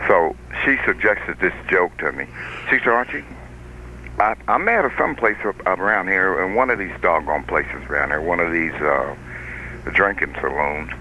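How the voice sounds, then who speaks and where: An older man phones in to a radio show and tells long jokes in a folksy, drawling storyteller style. His voice is low, pushed, and bright, with lively intonation at normal speed. The phone line sounds muffled, with a little hiss or hum.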